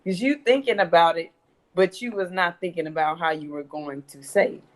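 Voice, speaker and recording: A woman's voice: fairly low pitch, normal speed. A young woman, a guest daughter on a church panel who tells her story animatedly and acts out her mother's lines.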